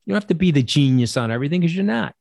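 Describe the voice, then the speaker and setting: A man's voice: on the high side, expressive, very fast, creaky, a little mellow, no echo, studio quality. A middle-aged man telling stories as an interview guest, blunt and profane, acting out the voices of people he quotes. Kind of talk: casual interview storytelling.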